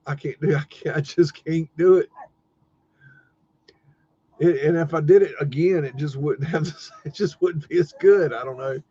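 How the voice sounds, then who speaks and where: A man's voice: on the high side, normal speed, long pauses, warm tone, husky. A man hosting a casual livestream, rambling and laughing, swearing freely and chatting to his dog between comments. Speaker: livestream host. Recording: dull lo-fi stream audio with faint noise.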